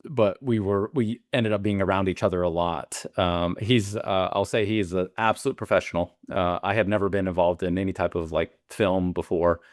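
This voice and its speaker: A man's voice: sits low, fairly even intonation, normal speed, hardly any pauses, no room sound, studio quality. A man, a beekeeper guest telling stories in a rambling way, full of fillers and restarts. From Alabama. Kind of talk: casual interview storytelling.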